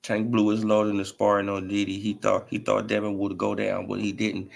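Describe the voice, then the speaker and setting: A man's voice: on the low side, moderate pace, creaky, few pauses, a bit bright. A man ranting casually about boxing as a vlog host, mocking and repetitive, often asking "right?" and "you feel what I'm saying". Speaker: boxing commentator vlogger. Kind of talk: casual opinion rant.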